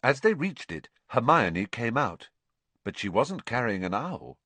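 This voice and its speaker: A man narrates a storybook in a vividly expressive reading. His pitch rises and falls dramatically from phrase to phrase. The recording is close and completely dry. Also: unhurried, no room sound. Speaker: audiobook narrator.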